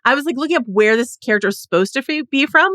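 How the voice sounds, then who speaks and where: A woman's voice: high-pitched, lively intonation, fast talker, bright, forceful tone, no echo, studio quality. A woman co-hosting a podcast, chatting casually about films with a wry, sardonic humor. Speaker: podcast co-host. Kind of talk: casual film discussion.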